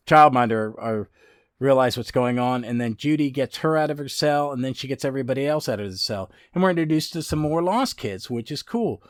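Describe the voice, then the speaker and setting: A man's voice: mid-range voice, no room sound. Rambling man recapping comics, dry sound. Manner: rambling, full of fillers and restarts. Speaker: comic book podcast host.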